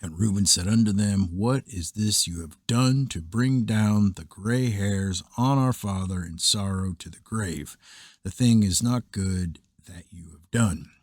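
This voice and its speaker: A man giving a measured, solemn reading of an archaic scripture text. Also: on the low side, a little mellow, no room sound, clean studio sound. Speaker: scripture reader.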